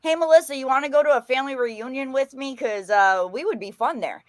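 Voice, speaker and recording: A woman from the American South co-hosting a casual podcast, loud and crude with frequent laughter. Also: high voice, moderate pace, no room sound. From Southern United States. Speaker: co-host.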